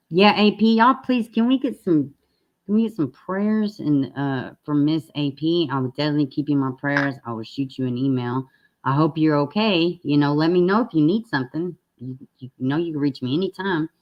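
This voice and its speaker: A woman chats with her live stream audience in a low voice. She is folksy and affectionate, laughing often between thoughts. The sound is a little dull and lo-fi. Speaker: true crime live streamer. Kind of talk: casual live stream chat with viewers.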